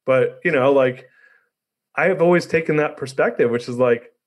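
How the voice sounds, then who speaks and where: A man's voice: medium pitch, normal speed. A man hosting a podcast, talking in a laid-back, casual way and often saying "dude" and "man". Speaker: podcast host. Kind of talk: casual interview chat.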